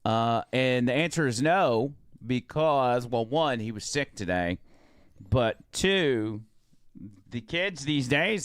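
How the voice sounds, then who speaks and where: A man's voice: mid-range voice, fairly bright tone, no echo, studio quality. A man, co-hosting a podcast in casual, rambling chat. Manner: laid-back, rambling with fillers. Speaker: podcast co-host.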